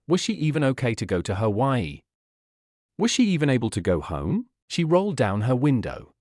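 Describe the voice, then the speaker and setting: A male narrator reading fan fiction in a steady audiobook style. His pitch sits in the middle but moves in lively swings. The sound is dry and close to the mic. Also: no echo.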